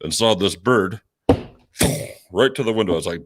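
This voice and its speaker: A man co-hosting a radio show, telling animated, profane stories and laughing often. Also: on the low side, normal speed. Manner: animated storyteller, swears freely, laughs a lot. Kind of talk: casual profane chat.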